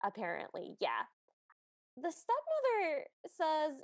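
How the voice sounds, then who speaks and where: A woman's voice: high voice, expressive, a little slow, no echo. A woman co-hosting a podcast, chatting casually as she retells a film's scenes with dry asides. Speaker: podcast co-host. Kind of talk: casual chat recapping a film.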